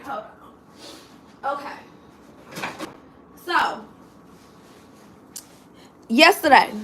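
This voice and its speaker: A woman with a slightly high voice tells a story on a casual live stream, close to tears as she goes. She talks straight to her chat and circles back over the same points again and again. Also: a bit bright. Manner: emotional, talks to the chat directly, repeats herself. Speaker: livestream host telling a story.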